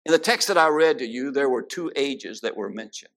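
Male preacher, gravelly, folksy sermon with scripture and jokes. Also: mid-range voice, expressive, brisk, a bit bright. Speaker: guest preacher.

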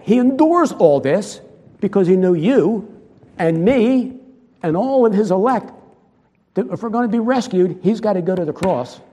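A man's voice: high-pitched, warm tone, big-room sound. A male preacher giving a conversational sermon, asking his listeners questions as he goes.

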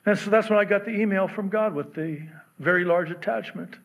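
A man's voice: high-pitched, a little fast. A middle-aged man preaching a sermon as pastor, conversational and joking, acting out the voices in his stories. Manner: conversational and joking, acts out quotes.

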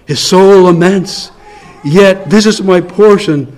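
A man preaching a sermon with a slightly high voice. He is earnest and leans on repetition, drawing key phrases out slowly. He drops to soft, low passages and then lifts to louder lines.

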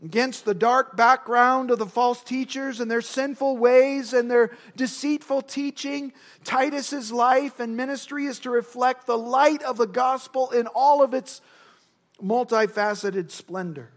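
High-voiced male preacher, emphatic. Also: steady tone, unhurried. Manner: emphatic, repeats key words for stress. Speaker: pastor. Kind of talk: expository sermon.

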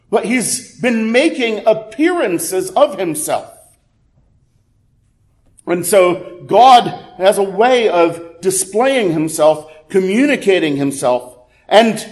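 Man, pastor, fairly high voice, sermon, conversational, builds to loud emphatic peaks. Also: animated, takes it slowly. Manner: conversational, with fillers and self-corrections.

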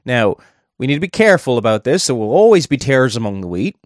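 A man's voice: medium pitch, big pitch swings, fast talker, dry recording, studio quality. A man preaching a sermon in a conversational way, thinking aloud and adding asides as he explains a verse.

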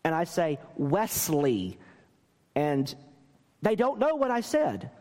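A man's voice: a little high, wildly swooping pitch, takes it slowly, warm tone, long reverb tail. A man, a pastor, preaching a sermon and telling stories with self-deprecating humor.

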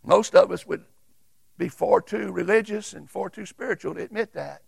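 A man, preaching a sermon as a Baptist pastor and reading scripture aloud with emphatic pauses. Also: high voice, gravelly, a little mellow, slightly rough, no room sound.

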